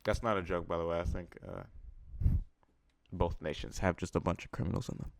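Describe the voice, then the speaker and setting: A man's voice: sits low, steady tone, fairly quick, long pauses. A man reading scripture aloud in a casual way, earnest but with joking asides and small stumbles. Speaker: Bible reader. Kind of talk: casual Bible reading with commentary.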